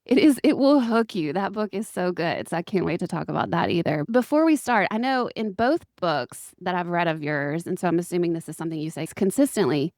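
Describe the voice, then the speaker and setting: Woman host with a lowish voice. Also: expressive, a little fast, few pauses, darkish tone, dry recording, clean studio sound. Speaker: podcast host, interviewer. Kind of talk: casual interview.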